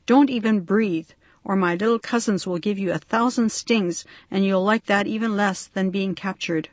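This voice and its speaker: A woman's voice: medium pitch, normal speed, no echo, natural voice. A woman voicing a fussy little bee man. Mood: stern. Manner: pleading, then stern and impatient. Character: small fussy male bee man, polite but harried.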